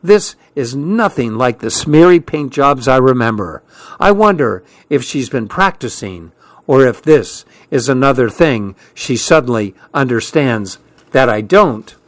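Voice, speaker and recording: A man narrating a first-person story at an unhurried, deliberate pace. His voice sits at a mid pitch and stays calm and measured. The sound is dry and close to the mic, with no room around it. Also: dry recording. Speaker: audiobook narrator.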